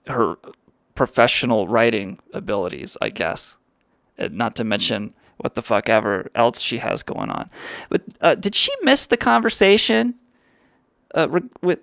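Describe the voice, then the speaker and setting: A man's voice: medium pitch, gravelly, dry recording, studio quality. A man hosting a livestream, rambling in a crude, sarcastic way. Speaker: podcast host. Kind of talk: casual profane livestream chat.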